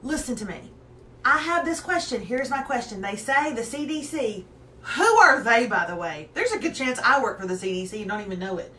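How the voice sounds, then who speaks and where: A woman co-hosts a casual live morning chat, bubbly and talkative as she reads viewer comments. Her voice sits a little high. She sounds slightly back from the mic, with a faint hum in the room. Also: reverberant, distant mic. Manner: chatty and animated, reads viewer comments aloud. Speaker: co-host of a morning live show.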